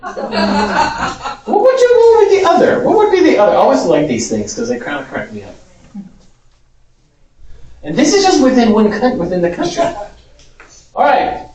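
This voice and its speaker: Lively male teacher, amused and chatty, miked from afar in a roomy hall. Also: very high voice, moderate pace, pauses often, slight background noise. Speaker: Spanish teacher giving a talk. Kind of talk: informal lecture. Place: large echoey parish hall. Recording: echoey hall, distant mic.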